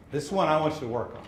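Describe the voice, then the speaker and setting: A man coaching speakers in a live public speaking workshop, brisk and encouraging, giving direct feedback. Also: fairly high pitch, vocal fry. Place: seminar room. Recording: echoey room, faint background noise.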